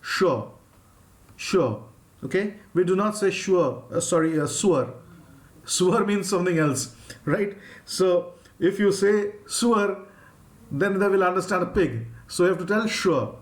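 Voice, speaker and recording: Indian guy teaching phonics live, kinda high voice, drags out each sound and reads out names. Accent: Indian English. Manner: slow, drawn-out demonstration of sounds, reading out viewers' names. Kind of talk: live online phonics lesson.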